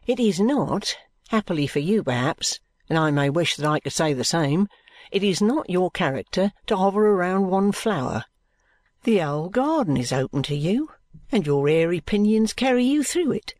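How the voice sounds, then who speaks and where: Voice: mid-range voice, animated, normal speed, a little mellow, no room sound, studio quality, voice pushed up, natural voice. A reader voicing a pompous, touchy young male law clerk who protests at length in flowery, wounded terms. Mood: aggrieved. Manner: wordy, injured remonstrance.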